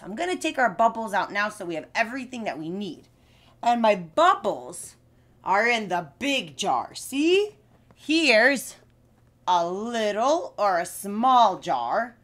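A young adult woman teaching young children live, speaking slowly with exaggerated, repeated words for them to copy, her voice still not fully recovered. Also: mid-range voice, fairly bright tone. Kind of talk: live sing-song lesson for young children.

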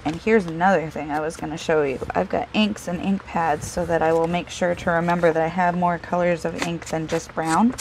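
Woman, craft vlogger, lower voice, rambling and self-deprecating, thinks out loud as she works. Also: slight background noise, low-quality recording. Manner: chatty, self-deprecating, talks to herself while working. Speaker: craft video host. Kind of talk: casual crafting tutorial.

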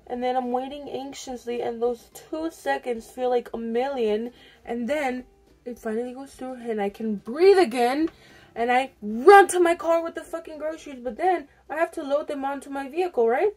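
A woman's voice: sits high, moderate pace, darkish tone. A young woman vlogging at home, rambling through an exasperated story and swearing freely while she gets ready. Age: young adult. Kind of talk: casual get-ready-with-me vlog chat. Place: home, indoors.

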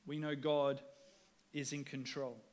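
A man's voice: medium pitch, level tone, slow, a little mellow. A man with an Australian accent, preaching a sermon as pastor in an earnest, conversational way, often repeating words as he starts sentences. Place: church.

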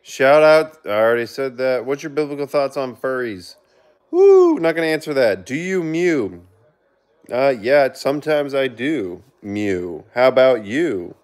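A man hosting a casual live stream, reading viewer comments aloud and giving shout-outs, earnest with sudden excited outbursts. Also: medium pitch. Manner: reads chat aloud and gives quick shout-outs. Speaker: livestreamer reading viewer chat.

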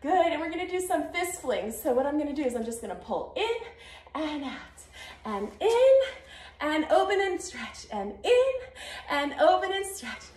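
Upbeat high-voiced woman coaching a workout. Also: very animated, moderate pace, a little mellow. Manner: upbeat, encouraging, counting reps. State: out of breath. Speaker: fitness instructor. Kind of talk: guided workout instruction. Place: home garage. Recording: echoey garage.

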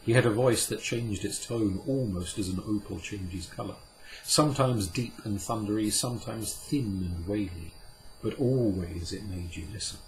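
A man reading a classic children's story aloud as an unhurried, measured narrator. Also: fairly low pitch, a little hiss or hum, poor audio. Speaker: audiobook reader. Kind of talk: scripted narration.

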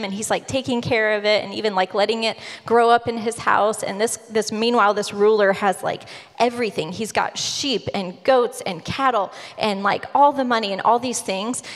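A woman preaching a sermon in a church, telling the story in a casual, conversational way. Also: mid-range voice. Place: church sanctuary. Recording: long hall reverb in a church.

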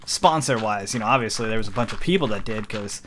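A man's voice: fairly low pitch, fast talker, fairly bright tone, slight background noise. A man talking casually while playing a game, rambling and correcting himself as he goes. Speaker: let's play host. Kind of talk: casual gameplay commentary.

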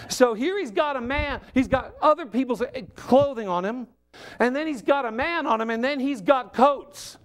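A male guest preacher with a notably high voice delivers a lively sermon. He's chatty and humorous, animated and joking, addressing the congregation as though telling a story among friends.

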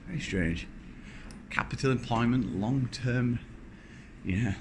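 A man in his thirties, a vlogger, films a walk-through tour of a large empty indoor building, chatting wryly and poking fun at himself. He speaks slowly at a medium pitch against a noisy background.

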